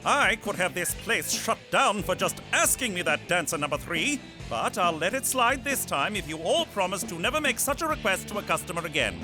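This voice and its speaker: Smug sleazy cartoon fed. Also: male voice, sits high, very animated, moderate pace, few pauses, over music. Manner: smug, mock-stern, sly. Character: smug federal agent, sleazy and self-satisfied.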